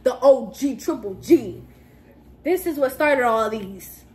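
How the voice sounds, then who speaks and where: A woman's voice: high-pitched, animated, takes it slowly, darkish tone, slight background noise. A young woman chatting to camera during a soda challenge, giggly and playful, talking to her viewers with lots of "y'all" and burping from too much soda. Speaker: vlogger doing a soda challenge. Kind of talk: casual chat to camera. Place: house, indoors.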